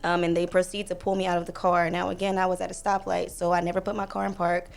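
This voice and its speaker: Young woman with a gravelly voice. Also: lowish voice, quick pace. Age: young adult. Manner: animated retelling, acts out voices, fillers. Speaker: podcast guest. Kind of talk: casual storytelling.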